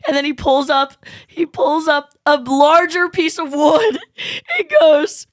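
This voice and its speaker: A woman's voice: high-pitched, takes it slowly, no room sound, clean studio sound. A woman co-hosting a podcast, recapping a movie in casual chat with lots of laughter. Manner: animated, laughing storytelling. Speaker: podcast co-host.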